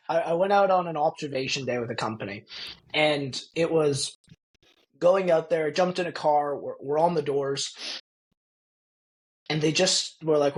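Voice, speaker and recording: A young Canadian man with a Canadian accent, a podcast guest telling stories in a lively way and laughing often. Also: fairly high pitch, low-quality recording. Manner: animated storyteller, laughs often, acts out quoted voices. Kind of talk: casual storytelling.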